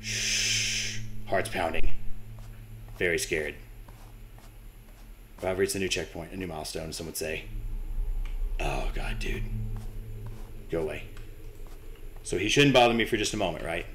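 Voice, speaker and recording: A young man with a lowish voice talks through a scary game, jittery and cursing as he mutters to himself and taunts what's on screen. A faint hiss of noise sits under his voice. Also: normal speed, long pauses, fairly bright tone. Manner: nervous, swearing, talking to himself and the game. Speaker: gaming channel host. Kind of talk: horror game playthrough commentary.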